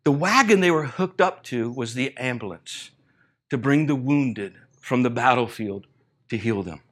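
A middle-aged man preaching a sermon, retelling a story and acting out the characters' lines, building to loud, emphatic peaks. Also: mid-range voice, animated, measured pace. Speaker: pastor.

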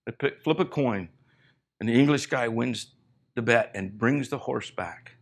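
A middle-aged male pastor tells a story from the pulpit. He acts out each character's lines and swings from hushed, low passages to loud, high, emphatic bursts. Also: a little slow. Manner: animated retelling, acting out lines, rising to loud emphatic peaks. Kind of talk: sermon storytelling.

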